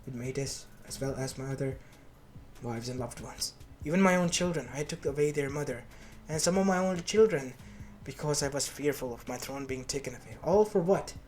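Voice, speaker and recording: A man's voice: medium pitch, normal speed, darkish tone, close to an everyday voice. A man voicing a remorseful male king of the gods in a fan story, with an earnest, apologetic manner and faint lofi music behind.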